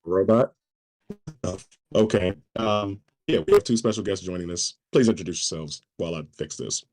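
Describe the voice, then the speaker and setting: A man hosting a podcast, speaking in a laid-back, drawn-out announcing manner. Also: low voice, a little mellow. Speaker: podcast host. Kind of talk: casual chat.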